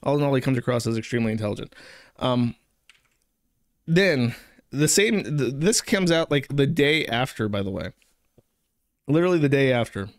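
A man's voice: medium pitch, lively intonation, normal speed, pauses often, dry recording, clean studio sound. A man giving casual, sarcastic commentary, rambling and crude. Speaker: streamer commentator.

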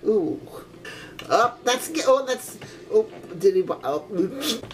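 An elderly grandmother chats and exclaims while playing a video game, swearing in quaint old-fashioned ways and giggling often. Her voice sits fairly high, animated, at a slow pace.

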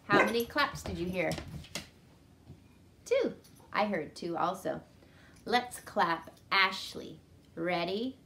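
Woman teacher for a kids' reading lesson, slow and sing-song, light background hiss. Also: mid-range voice, lively intonation, a bit bright. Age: adult with a son. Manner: slow and sing-song, clapping syllables aloud. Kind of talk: children's lesson.

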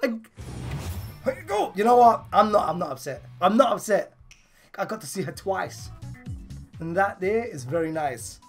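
Hoarse female gaming host, excitable and animated, casual commentary with soft music under it. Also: medium pitch, normal speed, pauses often. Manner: excitable, bursts into laughs and shouts at each pull. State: hoarse, voice partly gone. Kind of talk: casual mobile game summon commentary.

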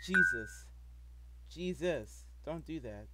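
A man's voice: mid-range voice, animated, moderate pace, over loud music. A man giving rambling, jumpy commentary while playing a game, apologizing often. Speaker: gameplay video maker. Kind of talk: gameplay commentary.

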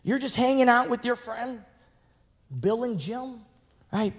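A male pastor preaching a sermon, animated, swinging from hushed words to shouting. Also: very high voice, measured pace, pauses often. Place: large church sanctuary. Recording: reverberant church hall.

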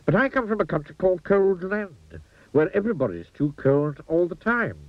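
A man's voice: high voice, big pitch swings, moderate pace, dry recording, pitched above the performer's own voice. A man voicing a weary, puzzled storybook man in a plaintive, wondering tone, on a muffled lo-fi recording.

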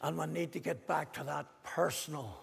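Gravelly Northern Irish preacher, impassioned. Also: male voice, normal speed. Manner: impassioned preaching, swinging between loud cries and hushed low repetitions. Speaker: pastor. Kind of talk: sermon. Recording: long hall reverb.

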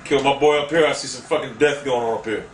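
A man giving live gameplay commentary, cursing and trash-talking opponents, often bursting into angry shouts. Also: mid-range voice, steady tone, fast talker, echoey room, recorded from a distance, slight background noise.

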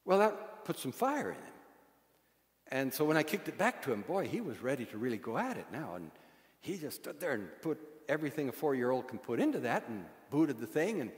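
Animated preacher in an echoey hall. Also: male voice, mid-range voice, brisk. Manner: animated storytelling, building to shouts. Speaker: commencement speaker. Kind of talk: sermon.

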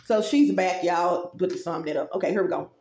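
A woman's voice: fairly low pitch, fairly quick, a little mellow, roomy sound. A woman vlogger giving casual spiritual advice, chatty and rambling, talking straight to her viewers.

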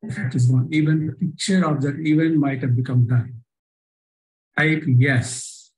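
A man's voice: on the high side, a little slow, a little mellow, rough recording. A man with an Indian English accent leading a live online workshop by video call, coaxing listeners through exercises with lots of repetition. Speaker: workshop trainer.

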